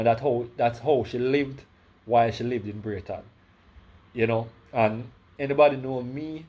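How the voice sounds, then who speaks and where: A man's voice: medium pitch, dark tone. Jamaican man with a slight lisp. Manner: rambling, self-correcting, many "right?" tags. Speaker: vlogger. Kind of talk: casual storytime monologue.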